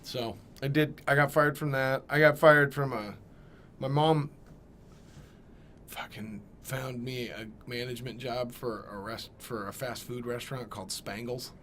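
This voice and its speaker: A young man telling a comedic story on a podcast, animated and profane, acting out voices. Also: medium pitch, unhurried, a little hiss or hum. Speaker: podcast guest.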